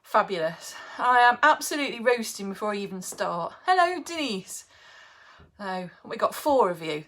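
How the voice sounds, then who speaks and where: A woman's voice: mid-range voice, very animated, normal speed, a bit bright. A middle-aged woman from England chatting casually on a live baking stream, greeting viewers by name and laughing often.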